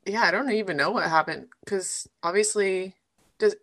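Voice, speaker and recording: A woman on a casual podcast, calmly explaining a plot detail in a matter-of-fact way. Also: medium pitch, normal speed. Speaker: podcast co-host. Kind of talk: casual book-club chat.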